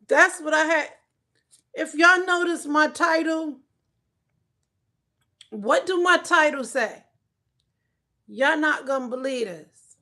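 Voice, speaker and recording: A woman at home livestreaming and chatting casually with her viewers, loud and joking, cursing and talking back to the chat. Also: sits high, takes it slowly, long pauses.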